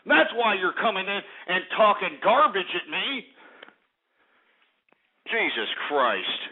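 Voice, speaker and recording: Brief: high-voiced male talk radio host, swearing and mocking callers, tinny phone-like sound. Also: sing-song, takes it slowly. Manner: profane, bombastic, mocking. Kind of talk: ranting call-in radio talk.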